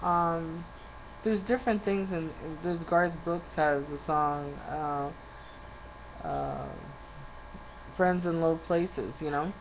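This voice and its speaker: A woman's voice: deep voice, fairly even intonation, slow. A woman in a rambling monologue. She loses her train of thought and rants indignantly. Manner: indignant, ranting. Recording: slightly muffled with faint background noise.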